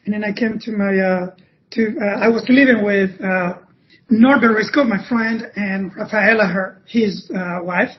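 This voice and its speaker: A man's voice: high voice, slight background noise. Man with a Cuban Spanish accent. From Cuba. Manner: halting, restarts phrases often. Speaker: podcast guest, former ballet dancer. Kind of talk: conversational interview storytelling. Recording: dull lo-fi podcast audio.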